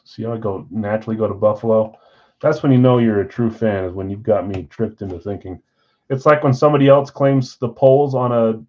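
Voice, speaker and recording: A man's voice: on the low side, dull audio. A man hosting a live card break from a card shop, chatting casually while rattling off names and teams.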